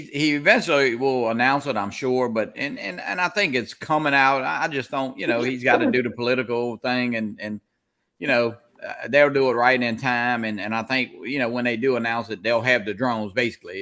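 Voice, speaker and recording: A middle-aged man with a Louisiana accent, hosting a casual chat and talking in halting, rambling runs. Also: medium pitch, bright, forceful tone. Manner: rambling, halting with many restarts. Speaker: host.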